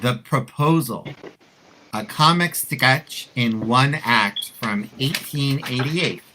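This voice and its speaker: A man's voice: medium pitch, slow, background noise. A man hosting a live video-call play reading, chatting jokily between scenes and reading stage directions. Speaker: host and stage-direction reader.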